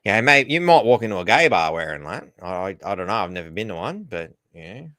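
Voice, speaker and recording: A man's voice: sits low, sing-song, brisk, pushed and bright, dry recording. Sardonic man on a dry call. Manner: blunt and sardonic, swears freely. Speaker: host. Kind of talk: casual video call chat.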